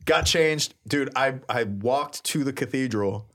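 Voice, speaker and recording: Chatty priest telling a story. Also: male voice, mid-range voice, measured pace, a little hiss or hum. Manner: animated, laughing often, loose and slangy. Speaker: priest, co-host. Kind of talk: casual storytelling.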